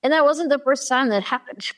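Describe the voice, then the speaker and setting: A woman who is a podcast guest, telling a personal story in an animated way with many fillers. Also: high-pitched, a little fast. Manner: animated, many fillers, acts out quoted dialogue.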